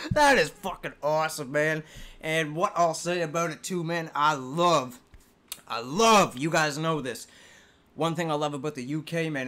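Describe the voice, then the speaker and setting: A man from the US East Coast hosting a music reaction video, excitable and cursing often between laughs. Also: fairly high pitch. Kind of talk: casual reaction commentary. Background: hip hop track playing.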